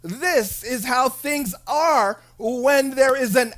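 Animated, slow-paced preacher. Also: high voice. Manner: animated, dramatic, swings from hushed to loud. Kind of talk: sermon.

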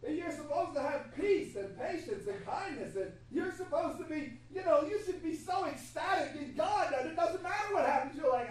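A woman preaching a sermon in an animated, laughing way. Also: high-pitched, moderate pace. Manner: animated, laughing, acts out God's voice. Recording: echoey hall from far off, faint hum.

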